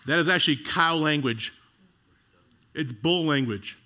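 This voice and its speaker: In a slightly high voice, this pastor keeps his sermon lively and conversational, alternating loud outbursts with quiet, slowed-down stretches.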